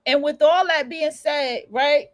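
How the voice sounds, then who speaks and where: A woman's voice: sits high, a little slow, no room sound, low-quality recording. A woman hosting a livestream, ranting bluntly and profanely in casual commentary. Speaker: livestream radio host.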